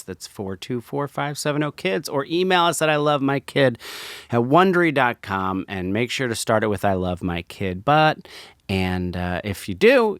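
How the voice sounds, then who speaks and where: A man from New Jersey co-hosting a comedy podcast, telling stories in a relaxed way and laughing easily. His pitch moves a lot as he talks. The sound is close and dry. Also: dry recording. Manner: laid-back, storytelling, laughs easily. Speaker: podcast co-host. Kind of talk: casual comedy podcast chat.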